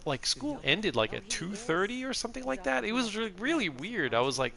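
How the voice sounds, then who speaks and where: A man's voice: sits high, very animated, a little fast, gravelly, bright, forceful tone. A middle-aged man streaming a video game, chatting in a rambling, casual way and laughing often. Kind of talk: casual gameplay chat.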